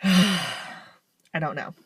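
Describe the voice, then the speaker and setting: A woman's voice: lowish voice, lively intonation, very slow, breathy edge, no room sound. A woman talking casually to camera in a rambling, frank way, with weary self-deprecating laughs. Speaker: vlogger. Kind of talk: casual confessional vlog.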